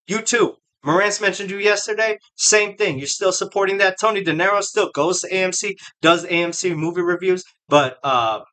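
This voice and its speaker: Man, host, casual rant, mocking, profane, slangy, bright forceful tone. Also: high voice. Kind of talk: casual ranting commentary.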